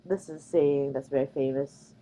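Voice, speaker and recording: A woman's voice: very deep voice, steady tone, normal speed, mellow, poor audio. A woman from Canada giving a conversational recorded slide lecture, with frequent ums and uhs. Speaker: workshop presenter.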